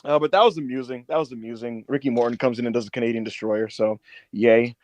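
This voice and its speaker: A man co-hosting a casual wrestling podcast, telling a long story with lots of swearing and high mock voices for the people in it. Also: quick pace, no room sound. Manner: animated storyteller, swears a lot, acts out others in high put-on voices. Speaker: podcast co-host.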